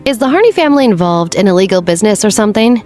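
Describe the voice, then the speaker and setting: A carefree, eager teenage girl with a blunt, loud way of talking, as a woman reads her in an audiobook. Faint music runs under the storybook reading. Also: medium pitch, lively intonation, very fast, pitched above the performer's own voice, natural voice.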